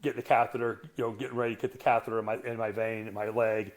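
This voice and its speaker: A man's voice: lowish voice, level tone, racing. A man in his sixties, a strength coach on a podcast, telling a personal story in a blunt, profane, self-mocking way. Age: 60s. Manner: earthy, self-mocking humor. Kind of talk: candid conversational storytelling.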